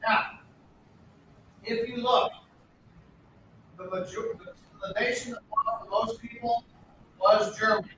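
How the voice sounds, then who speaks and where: A man from the United States gives a casual history lecture, blunt and full of sarcastic asides. His voice sits high for a man. He is heard from a distance in a very echoey classroom, with faint room noise behind him. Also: fairly even intonation, takes it slowly, long pauses. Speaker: history teacher.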